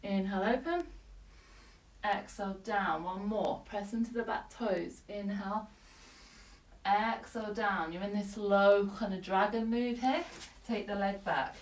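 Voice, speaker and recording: A woman yoga teacher guiding a class with calm, breath-paced cues and short commands, slightly out of breath. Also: mid-range voice, measured pace. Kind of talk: guided yoga class instruction. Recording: echoey room, voice from a distance.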